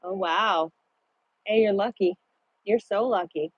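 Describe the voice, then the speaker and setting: A woman truck driver chatting casually with her livestream viewers, blunt and quick to swear. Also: medium pitch, breathy edge, no echo, muffled recording.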